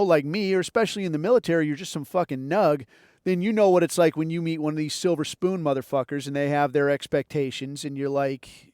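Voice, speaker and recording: A man's voice: on the high side, darkish tone, clean tone, no room sound, clean studio sound. A middle-aged man hosting a podcast, telling rambling, profane stories and swearing constantly. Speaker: podcast host. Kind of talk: casual storytelling monologue.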